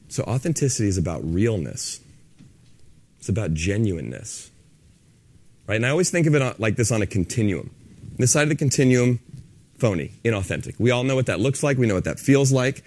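A man's voice: fairly low pitch, brisk. A man speaking to an audience, telling stories with lots of movement in his voice. He acts out both sides of a conversation as he tells it. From San Francisco. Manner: animated storyteller, acts out dialogue. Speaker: speaker on authenticity. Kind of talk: live talk to an audience.

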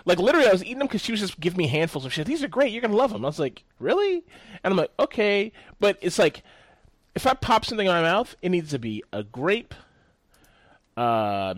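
A man's voice: fairly high pitch, dry recording. A man in casual podcast chat, rambling and profane, jumping between stories.

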